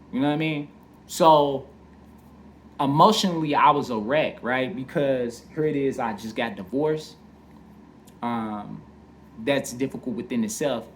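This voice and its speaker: A man at a middle pitch tells a personal story in a loose, conversational way. He is candid and swears freely, and keeps checking in with his listener. A faint hiss sits behind his voice. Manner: candid, profane, conversational, many fillers like "you know what I mean". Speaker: podcast host telling a personal story. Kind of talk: casual storytelling.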